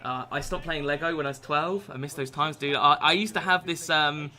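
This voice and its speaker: A man's voice: fairly high pitch, steady tone, brisk, bright, forceful tone. A British man in his twenties chatting casually and swearing freely while streaming a game late at night. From Britain. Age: 20s. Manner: rambling, swears a lot, laid-back chatter. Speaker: gaming streamer. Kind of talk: casual live-stream chat with game commentary.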